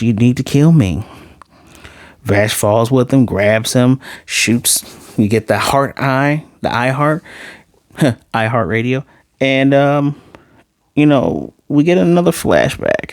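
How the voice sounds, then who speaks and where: A man in his late thirties talks through an episode review in a relaxed, meandering way. He keeps stopping to correct himself and drifts into side remarks. His voice sits on the low side, and it is recorded dry and close. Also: no room sound. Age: 30s. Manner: rambling, self-correcting, chatty asides. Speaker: anime reviewer. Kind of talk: casual spoken review.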